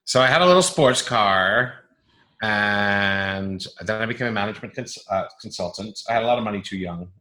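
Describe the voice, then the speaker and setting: A man's voice: fairly low pitch, moderate pace, pushed and bright. A man in his fifties with a mixed transatlantic accent, chatting playfully and self-deprecatingly as an interview guest, often restarting his sentences. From Canada. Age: 50s. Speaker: guest speaker. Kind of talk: casual interview chat.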